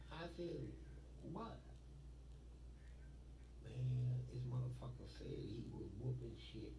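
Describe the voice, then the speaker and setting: A man's voice: mid-range voice, moderate pace, creaky, long pauses, echoey room, distant mic, noisy background. A man telling blunt, profane stories from prison life in a streetwise way, recorded in an interview.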